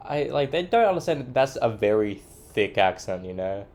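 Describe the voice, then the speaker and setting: A man's voice: medium pitch, lively intonation, moderate pace, few pauses, darkish tone, a little hiss or hum. A young Australian man streaming live, muttering, swearing casually and narrating to himself as he builds.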